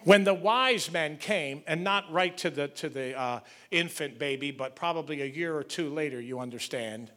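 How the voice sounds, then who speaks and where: High-voiced preaching man. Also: normal speed, few pauses. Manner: preaching, rising to fervent shouts on key lines. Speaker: pastor. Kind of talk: sermon.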